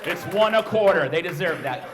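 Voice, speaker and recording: A man's voice: high voice, expressive, moderate pace, over a noisy crowd. A man in his thirties doing a stand-up comedy set on a club stage, talking conversationally into a handheld mic. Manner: conversational, bursts into loud shrieking impressions of his kids. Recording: live club recording with audience laughter and noise. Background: audience laughing.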